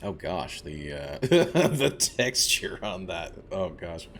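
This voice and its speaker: A man's voice: sits low, very animated, slow pace, a bit bright, slight background noise. Rambling, chuckling male game streamer. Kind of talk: casual let's-play commentary.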